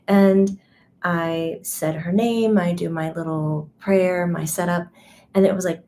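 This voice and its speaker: A woman medium telling a story in a chatty, animated way, acting out quoted dialogue. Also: lowish voice, measured pace, a little hiss or hum. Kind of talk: casual spoken storytelling.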